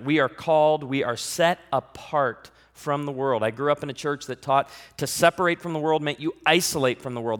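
A man preaching a sermon, telling humorous family stories in an animated way and bursting into loud acted quotes. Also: fairly high pitch, in a large hall. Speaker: pastor.

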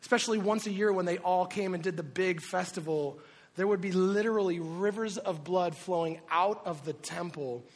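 A man in his thirties, a pastor preaching a sermon, telling family stories in an animated way and acting out the voices. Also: normal speed, in a large hall. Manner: animated storyteller, acts out voices with big pitch jumps. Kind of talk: sermon with personal storytelling.

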